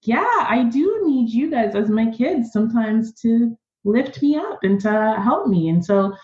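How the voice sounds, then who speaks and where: A woman being interviewed on a podcast who talks in an earnest, animated, conversational way. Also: a little high, a little slow, echoey room, muffled recording. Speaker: podcast guest.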